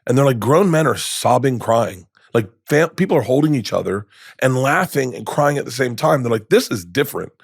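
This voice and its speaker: A man in his fifties, a comedian guest telling stories in a podcast interview, rambling and animated, acting out quoted lines with many restarts. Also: mid-range voice, moderate pace, creaky, husky, dry recording, clean studio sound. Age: 50s. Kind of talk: candid storytelling in conversation. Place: podcast studio.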